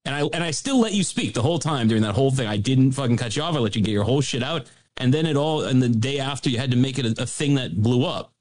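A man's voice: medium pitch, expressive, fast talker, a little mellow. A man hosting a podcast, arguing hotly with a caller, sarcastic and mocking, swearing often. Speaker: podcast host. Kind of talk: heated argument on a call-in show.

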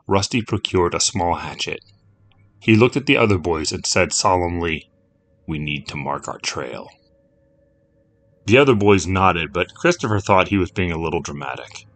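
Low-voiced man narrating a story. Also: slight background noise. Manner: measured, steady storytelling. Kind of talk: scripted narration.

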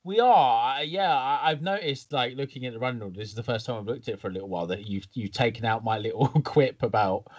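A man's voice: medium pitch, quick pace, few pauses, lo-fi sound. A man co-hosting a casual podcast, telling a prank story in a giggly, mischievous way. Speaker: podcast co-host.

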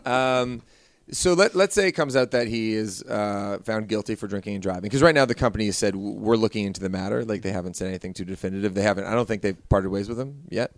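Low gravelly guy on a podcast, hesitant, lotsa ums, no room sound. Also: dry recording. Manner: hesitant, many uhs, quick bursts. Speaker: podcast co-host. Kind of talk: casual chat.

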